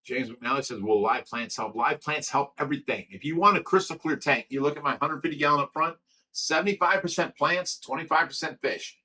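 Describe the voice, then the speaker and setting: Blunt rambling man, bright voice. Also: on the high side, brisk. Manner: blunt, rambling, reads chat comments aloud. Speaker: livestream host. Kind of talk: casual livestream chat. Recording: from a distance with faint background noise.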